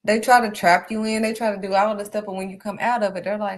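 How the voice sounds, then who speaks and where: A woman's voice: mid-range voice, fairly even intonation, fast talker, few pauses. A woman hosting a live stream, giving a faith encouragement talk and stressing her points by repeating them. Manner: emphatic, repeats key phrases. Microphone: streaming setup.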